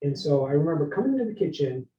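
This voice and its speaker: A man giving a leadership workshop, energetic and interactive, often asking his listeners questions and tagging lines with "right?". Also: on the high side, very fast. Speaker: leadership speaker. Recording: roomy, dull lo-fi sound.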